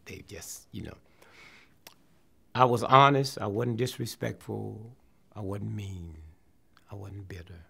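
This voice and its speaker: An older man, a comedian, telling a story from his career in an interview, acting out the people in it and dropping to hushed near-whispers. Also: fairly low pitch, vocal fry, breathy edge. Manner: animated storyteller, acts out quotes, drops to hushed near-whispers.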